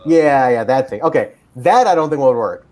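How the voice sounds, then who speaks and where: Man, show host, casual chat, rambling delivery, animated pitch, faint background hiss. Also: moderate pace. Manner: rambling, many fillers and restarts. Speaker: podcast host.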